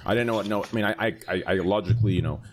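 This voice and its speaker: A man hosting a casual group chat, animated and joking, calling people dude and brother. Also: fairly low pitch, racing. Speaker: host.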